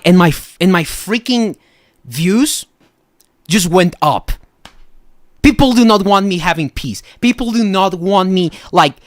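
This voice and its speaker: A man's voice: high-pitched, no room sound, studio quality. A young man live streaming as a beatbox judge, ranting, swearing and mocking people. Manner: mocking, swears, mimics people in silly voices.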